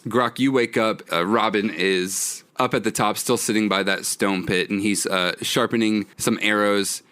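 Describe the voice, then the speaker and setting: A man's voice: fairly low pitch, fairly even intonation, moderate pace, fairly bright tone. A man narrating as game master of a tabletop game, with many fillers. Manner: hesitant, many fillers, laughs often.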